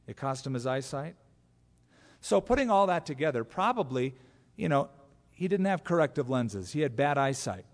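A pastor preaching an expository sermon, animated, acting out quotes from scripture in different voices. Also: male voice, mid-range voice, normal speed. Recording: long hall reverb.

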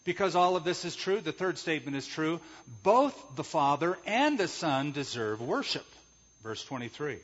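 A male pastor with a high-leaning voice, big pitch swings, and a fairly bright tone preaches an emphatic sermon at a moderate pace. He explains Greek words and poses rhetorical questions, recorded in an echoey hall with dull, lo-fi sound.

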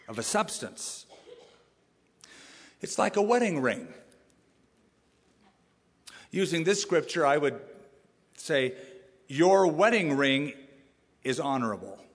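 A man preaching a sermon as pastor, animated, with rising emphasis and sudden drops to a quiet voice. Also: a little high, husky, long reverb tail.

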